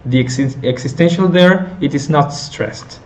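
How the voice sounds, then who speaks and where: A male teacher slowly explaining a lesson step by step, with many fillers and self-corrections. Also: a little high. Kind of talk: recorded lecture on intonation.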